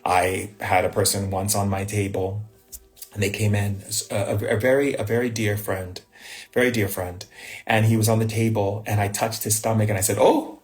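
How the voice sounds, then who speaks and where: A man with a lowish voice leads a live spiritual talk. He tells personal stories at an easy pace and keeps checking in with a rhetorical "right?". Faint music plays underneath. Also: flat delivery, moderate pace. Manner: storytelling, with rhetorical questions and frequent "right?". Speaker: spiritual teacher.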